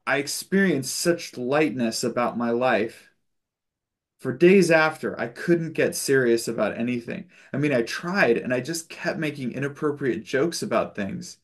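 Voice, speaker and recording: A man leading a spiritual discussion group on a video call, telling stories in a loose, chatty way with fillers and restarts and an occasional chuckle. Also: medium pitch. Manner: loose storytelling with frequent fillers and self-corrections.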